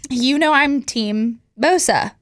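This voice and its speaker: Young woman podcast co-host, high bright voice, gushing and bubbly, dry close sound. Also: slow pace, no room sound. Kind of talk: casual chat.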